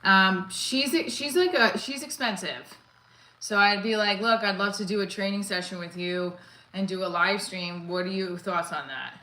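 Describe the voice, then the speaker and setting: A woman's voice: mid-range voice, moderate pace, pushed and bright, reverberant, rough recording. A woman comedian live-streaming while working out, out of breath and chatting casually with viewers as she reads their comments. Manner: chatty, answers viewers' comments, counts reps aloud.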